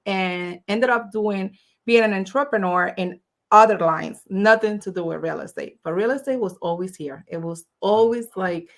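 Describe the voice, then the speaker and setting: A woman's voice: mid-range voice, moderate pace. A woman guest speaking in a casual, chatty way on a podcast interview, with many "you know"s and "like"s. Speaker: guest entrepreneur.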